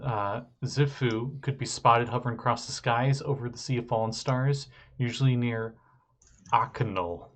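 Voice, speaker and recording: A man's voice: mid-range voice, fairly even intonation, moderate pace, hardly any pauses. A man running a tabletop game, explaining lore casually from his notes and correcting himself as he goes. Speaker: game master.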